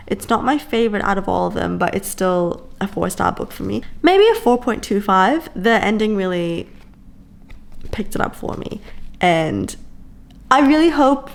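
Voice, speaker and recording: A woman's voice: medium pitch, creaky. A woman chatting casually to camera at home as a book vlogger, gushing and stretching out words for emphasis, with sighs. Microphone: camera-mounted mic.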